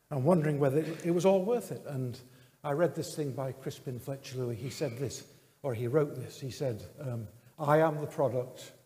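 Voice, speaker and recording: A man preaching a sermon in an earnest, measured way, with pauses and fillers. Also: medium pitch, dark tone, long reverb tail.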